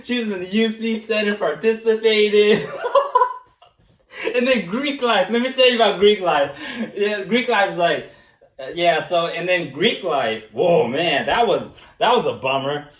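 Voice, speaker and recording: A man being interviewed, speaking casually, animated and self-mocking, laughing often and slipping into impressions. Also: sits high, moderate pace. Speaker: interviewee, former student. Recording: echoey room, mic at a distance.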